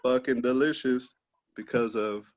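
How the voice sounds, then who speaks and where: A man's voice: mid-range voice, steady tone, a little slow, lo-fi sound, very noisy. A man doing a loose, profane stand-up set over a video call, laughing at his own jokes. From Texas, USA. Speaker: stand-up comedian.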